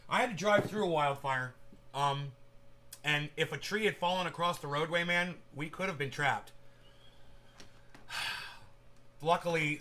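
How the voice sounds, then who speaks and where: On a livestream, a man talks in a high, bright voice with a forceful edge. His loose, unscripted chat rambles from point to point with plenty of swearing, and he calls out viewers by name as they type in chat.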